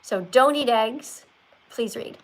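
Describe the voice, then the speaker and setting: A woman's voice: a little high, slow, poor audio. An older woman hosting a live stream, talking like a strict teacher who corrects and lectures. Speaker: livestream host.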